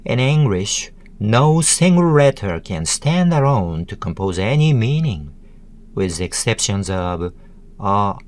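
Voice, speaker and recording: A man giving a scripted tutorial narration, deliberately sounding out words one syllable at a time. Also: on the low side, sing-song, a little mellow.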